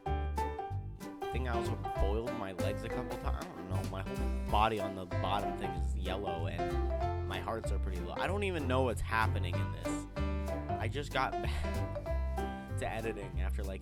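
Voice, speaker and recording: A man with a Southern US accent giving rambling, self-mocking gameplay commentary, often restarting his sentences. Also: fairly low pitch. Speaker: video game player and YouTuber.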